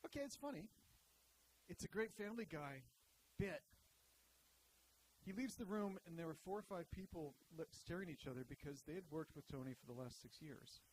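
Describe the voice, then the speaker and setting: A man's voice: on the high side, expressive, normal speed, long pauses, a little hiss or hum, poor audio. A man telling a stand-up story to a live audience in a wry, conversational way. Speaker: stand-up comedian. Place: live venue.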